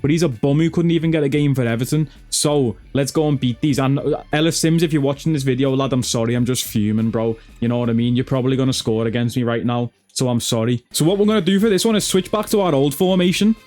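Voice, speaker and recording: A man's voice: mid-range voice, fast talker, hardly any pauses, a little mellow, faint music behind. A man commentating on his football game, slangy and full of swearing, calling everyone lad. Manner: swears a lot. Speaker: gaming YouTuber. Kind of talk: gameplay commentary.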